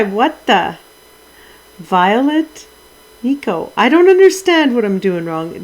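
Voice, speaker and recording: A woman's voice: mid-range voice, rough recording. A middle-aged woman streaming a video game, talking casually with her chat and exclaiming with mild minced oaths as she plays. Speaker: Twitch streamer. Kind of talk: casual gaming livestream chat.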